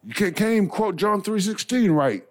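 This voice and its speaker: Preaching at normal speed with a lively pitch, this bishop leads a call-and-response sermon in a church sanctuary full of congregants. He moves between quiet asides and shouted climaxes, folksy throughout, addressing listeners as y'all and baby.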